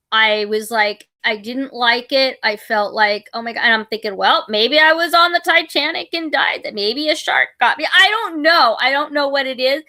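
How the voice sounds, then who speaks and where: A woman's voice: on the high side, no room sound. A middle-aged woman hosting a casual chat, rambling through a personal story with many restarts and fillers. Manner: rambling, full of restarts and fillers, animated retelling.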